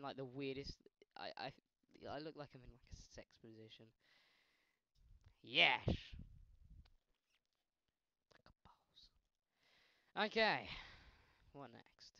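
Guy with a faint scottish accent doing game commentary, bright clear voice, yelps a lot, kinda dull dry mic. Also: medium pitch, no room sound. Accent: slight Scottish. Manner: excitable, yelps and laughs at the game, jokey asides. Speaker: gaming commentator. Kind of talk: let's-play gaming commentary.

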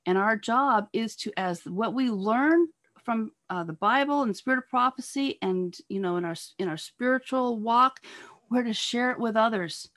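A woman giving an earnest sermon over a video call, pressing her listeners with repeated rhetorical questions and halting now and then on fillers and restarts. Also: fairly high pitch, animated, a bit bright. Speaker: speaker at a church talk on marriage.

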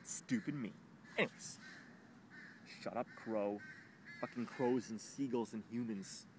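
A man's voice: medium pitch, measured pace, background noise. A young man venting to camera in an emotional personal rant, agitated and swearing, rambling with frequent restarts, recorded outdoors.

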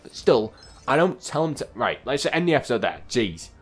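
A young man casually commentating his video game play, chatty and quick to get exasperated at the characters on screen. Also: mid-range voice, big pitch swings, slightly rough, faint music behind. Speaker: gaming channel host.

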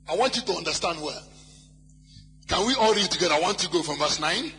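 A male pastor preaching a sermon, reading scripture slowly and shouting key phrases, at times mimicking wailing worshippers in a sing-song cry. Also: sits high, lively intonation, slightly rough. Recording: live hall with long reverb and faint music.

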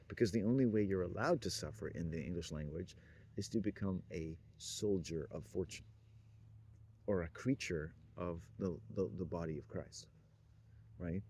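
A man's voice: sits low, warm tone, a little hiss or hum. A man in a rambling stream-of-consciousness monologue, meandering between ideas with frequent chuckles and trailing phrases.

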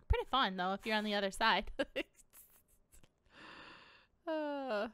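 A woman's voice: medium pitch, expressive, slow pace, pauses often, a bit bright, clean tone, no echo. A woman hosting a gaming video, giving chatty, playful let's-play commentary at a desktop mic and giggling often.

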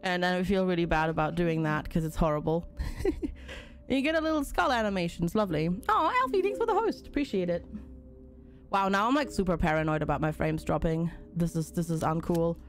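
A woman's voice: fairly low pitch, expressive, a little fast, slight background noise. A woman casually commenting on a game during a live stream, reading on-screen tutorial text aloud and chatting with and thanking viewers.

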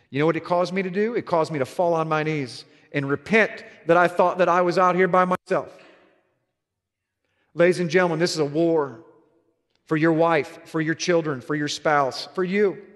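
High-voiced preacher in an echoing hall. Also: male voice, normal speed, fairly bright tone. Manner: earnest storytelling with emphatic repetitions. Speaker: pastor. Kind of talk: sermon.

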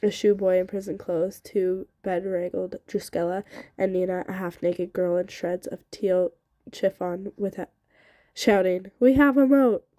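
With a voice on the low side, a woman reads a novel as an audiobook narrator at a measured pace. Her delivery is steady and expressive, her tone soft and mellow, and the close, dry recording has no room echo.

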